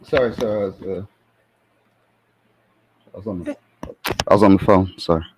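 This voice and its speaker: A man calling into a live stream, telling his story in a casual, animated way, swearing and laughing as he goes. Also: low-pitched, moderate pace, a little hiss or hum. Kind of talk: casual chat.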